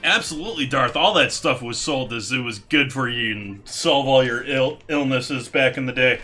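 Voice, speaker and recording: A man's voice: mid-range voice, moderate pace, bright, forceful tone, faint music behind. A man hosting a live cooking stream, chatting loosely with viewers while he works. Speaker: cooking livestream host. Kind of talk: casual live cooking chat.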